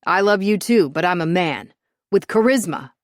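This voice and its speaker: A woman's voice: fairly low pitch, expressive, normal speed, dry recording, studio quality, close to an everyday voice. A woman voicing Roger, a cocky, joking young man. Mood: boastful. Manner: breezy, joking, bossy. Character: cocky, teasing young man who loves attention.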